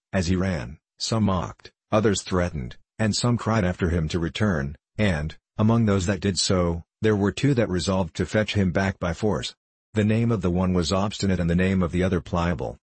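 Male audiobook narrator, deep and husky, measured formal delivery, dry close sound. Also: a little mellow, no room sound. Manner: measured, formal old-fashioned phrasing. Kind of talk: audiobook narration of an old allegory.

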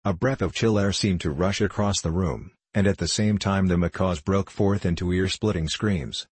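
A man reads a story aloud with measured, even pacing. His voice is deep and slightly husky, and the recording is close and dry with no room sound. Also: dry recording. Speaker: narrator. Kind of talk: scripted audiobook narration.

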